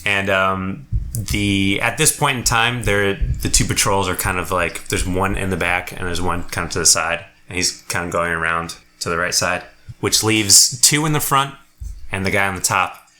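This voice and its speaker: Bright-voiced casual game master, a man. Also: sits low, moderate pace. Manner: casual, hesitant, lots of fillers. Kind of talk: narrating a tabletop game.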